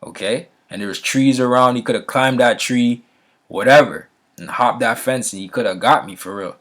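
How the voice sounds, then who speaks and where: This vlogger speaks at medium pitch and a moderate pace, his voice a little bright. His storytelling is relaxed and casual, packed with fillers and restarts, with frequent check-ins with the listener and an occasional laugh.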